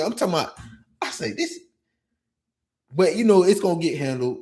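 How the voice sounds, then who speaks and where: A man hosting a podcast and talking casually as a youth coach. He vents in an animated way and keeps asking "you know what I'm saying.". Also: fairly high pitch, moderate pace. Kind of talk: casual monologue.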